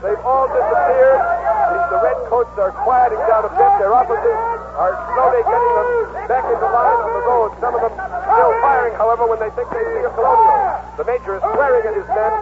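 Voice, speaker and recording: An actor playing a radio field reporter, giving an urgent, breathless eyewitness account in a 1950s radio drama. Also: male voice, very high voice, very animated, a little fast, crowd noise, heavily acted. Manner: urgent, breathless running commentary. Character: excited male on-the-scene radio reporter. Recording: tinny old radio broadcast, loud hiss.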